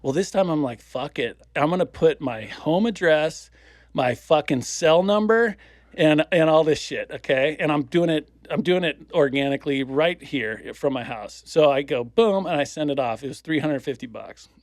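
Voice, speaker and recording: Man in his fifties, casual podcast storyteller, cursing freely, acts out the people in his stories, slightly high voice, dry close sound. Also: lively intonation, normal speed, no room sound. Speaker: podcast host.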